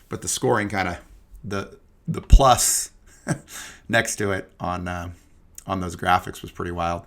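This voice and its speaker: A man's voice: low-pitched, fairly even intonation, normal speed, creaky, fairly bright tone. A young adult man hosting a casual golf podcast, chatty and loose, full of asides and fillers. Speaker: podcast host.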